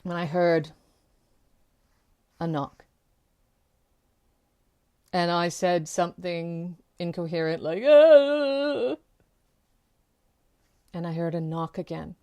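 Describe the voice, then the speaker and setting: A woman's voice: lowish voice, level tone, slow pace, pauses often, a little mellow. A woman telling a personal story to camera, candid and conversational, loose with little fillers. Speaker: keynote speaker.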